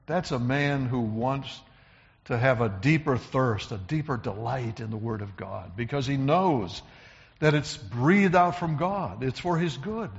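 A man's voice: mid-range voice, lively intonation, unhurried, big-room sound, highs cut off. A man preaching a sermon in an earnest, emphatic way, often repeating words as he builds a point. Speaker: pastor.

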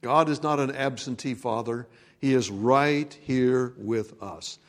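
A man's voice: medium pitch, slow. Preaching man in a reverberant church. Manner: dramatic swings between loud proclamation and hushed near-whisper. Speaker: pastor. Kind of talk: sermon. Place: church sanctuary. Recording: long reverb of a church hall.

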